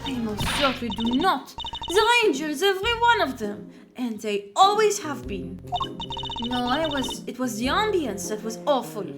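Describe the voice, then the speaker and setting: A woman's voice: sits high, very animated, normal speed, voice pushed up. A woman voicing a fawning middle-aged female prison warden who talks in sugary endearments. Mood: gushing. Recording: loud game music behind.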